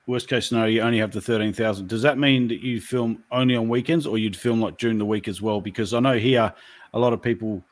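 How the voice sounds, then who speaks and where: A man's voice: lowish voice, fast. A man from Australia, hosting a casual live video chat and asking chatty questions. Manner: chatty, asks questions with filler restarts. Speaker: live show host.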